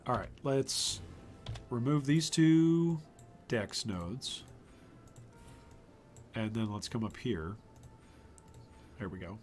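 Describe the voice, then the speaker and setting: A man's voice: mid-range voice, takes it slowly, pauses often, faint music behind. A man giving casual live-stream commentary while he plays, thinking aloud and trailing off, his voice wearing thin. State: losing his voice. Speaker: gaming streamer.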